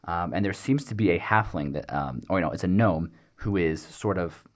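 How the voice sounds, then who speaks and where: A man narrating a tabletop game as game master, pausing often with ums as he describes scenes. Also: low voice. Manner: hesitant, many ums while describing scenes.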